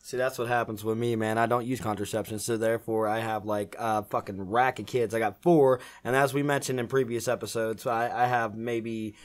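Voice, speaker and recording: A man's voice: on the low side, steady tone, fairly quick, hardly any pauses. A man co-hosting a casual podcast, bantering in a crude, boastful way. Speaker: podcast co-host.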